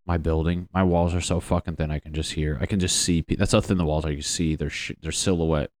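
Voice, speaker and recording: A man's voice: very deep voice, fairly even intonation, fairly quick, darkish tone, no room sound. A young man from Connecticut talking in a rambling, joking monologue full of swearing. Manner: profane, joking, meandering. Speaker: vlogger.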